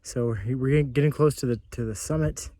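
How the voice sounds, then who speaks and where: A man's voice: mid-range voice, steady tone, fairly quick, mellow. A man vlogging outdoors on a mountain hike, earnest and plain-spoken, tired and out of breath from the climb. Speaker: travel vlogger. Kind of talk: casual hiking vlog.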